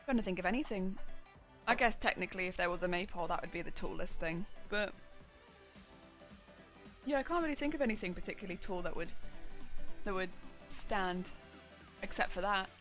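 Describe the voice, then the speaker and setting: A young woman chatting casually while she crafts on a live stream, rambling excitedly and laughing often. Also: mid-range voice, brisk, long pauses. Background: faint background music.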